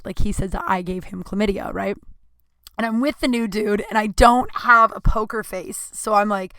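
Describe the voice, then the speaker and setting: A woman's voice: mid-range voice, moderate pace, dry recording. Woman comedian, podcast host, swearing storyteller, dry close sound. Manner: blunt, profane, animated retelling of conversations.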